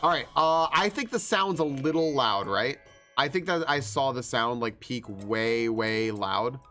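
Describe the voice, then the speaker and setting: A man's voice: medium pitch, animated, unhurried, sharp tone. A man streaming a video game, chatting casually and thinking aloud with lots of fillers. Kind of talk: casual live-stream commentary. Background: game music.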